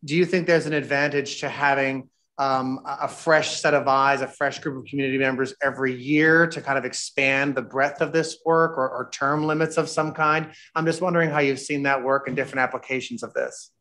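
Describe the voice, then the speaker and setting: A man's voice: mid-range voice, fairly even intonation, brisk, pushed and bright. A man on a school board thanks the presenter and asks two-part questions, polite with a touch of dry sarcasm. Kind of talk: asking questions at a board meeting.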